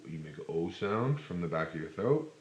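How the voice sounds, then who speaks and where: Man, very deep voice, speech lesson, drawn-out sound demonstrations, echoey room. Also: sing-song. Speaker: speech teacher. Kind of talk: phonics lesson.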